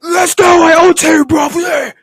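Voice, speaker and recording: A man mimicking a brash, excitable male wrestler. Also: very high voice, unhurried, no echo, raised voice, pitched above the performer's own voice, full character voice. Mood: hyped. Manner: boastful, hyped-up.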